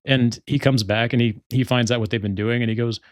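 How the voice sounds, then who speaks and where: A man's voice: mid-range voice, steady tone, a little fast, no echo, studio quality. A young man hosting a solo podcast, chatting casually and rambling with lots of filler words. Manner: rambling, many filler words, frequent laughter. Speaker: podcast host.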